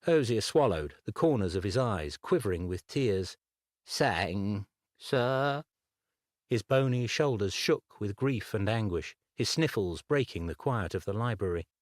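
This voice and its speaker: A man reading a dark fantasy audiobook in measured, scripted narration. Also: lowish voice, lively intonation, no echo, clean studio sound. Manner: measured, unhurried storytelling.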